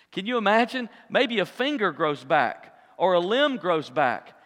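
A man with a very high, bright voice preaches a sermon in a church sanctuary. His delivery is dramatic, rising into loud acted-out cries and dropping into hushed asides. A long hall reverb trails every phrase. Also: very animated, a little slow. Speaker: pastor.

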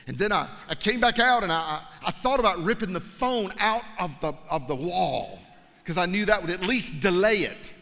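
Male pastor, higher pitch, bright tone, dramatic storyteller swinging from hushed to fervent, long hall reverb. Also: expressive, normal speed, gravelly. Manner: dramatic storyteller, drops to hushed tones then rises to fervent preaching. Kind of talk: sermon storytelling.

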